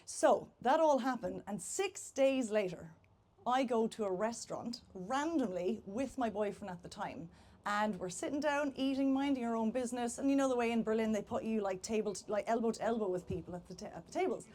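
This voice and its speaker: A young woman with an Irish accent tells a funny personal story to a live audience. Her voice sits a little high, and she talks in a chatty, self-mocking way, often breaking into laughter. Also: brisk, a little mellow. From Ireland.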